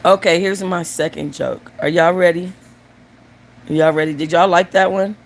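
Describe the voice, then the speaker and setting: A woman's voice: on the low side, vocal fry, a little hiss or hum. A woman hosting her own show, telling stories and jokes in a casual, crude and blunt way while addressing her audience directly. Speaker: host. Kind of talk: casual storytelling and joke telling.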